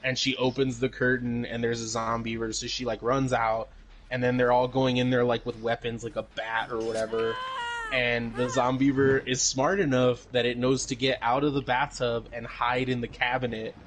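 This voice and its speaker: A man's voice: mid-range voice, flat delivery, normal speed, a little hiss or hum. A man co-hosting a podcast, casually recapping a movie in a rambling way, with lots of fillers, swearing and laughter. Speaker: podcast co-host.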